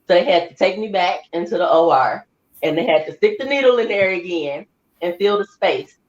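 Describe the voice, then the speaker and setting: A woman's voice: on the low side, expressive, a little fast, lo-fi sound. Roomy-sounding woman telling vivid stories. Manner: vivid storyteller, acts out voices. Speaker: podcast co-host. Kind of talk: casual chat.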